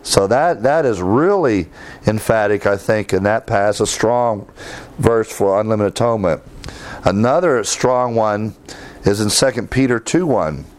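A man's voice: lowish voice, expressive, measured pace. A man giving a Bible lesson, reading verses aloud with emphasis and adding conversational asides. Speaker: Bible teacher. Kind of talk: theology lecture.

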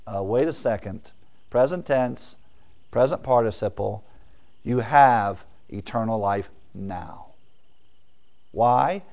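Emphatic preacher man teaching scripture. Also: medium pitch. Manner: emphatic, swings between loud stresses and quiet asides; asks the audience questions and answers them. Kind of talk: sermon, verse-by-verse teaching.

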